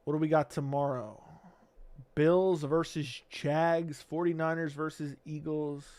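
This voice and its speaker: A man's voice: a little high, fairly even intonation, unhurried, a little mellow. A man hosting a casual live stream, reading viewer comments aloud and ranting back at them with brash, profane talk. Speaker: livestream host.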